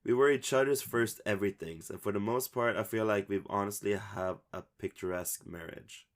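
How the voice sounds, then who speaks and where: Low-voiced laughing podcast co-host man. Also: brisk. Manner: laughs often, swears casually. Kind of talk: casual chat and reading a story aloud.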